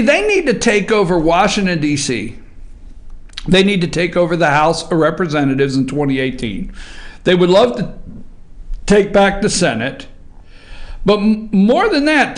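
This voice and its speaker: Excitable man hosting political talk. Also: high-pitched. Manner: loud, jokey and excitable, drifting into song. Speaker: talk show host. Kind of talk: political opinion talk show monologue.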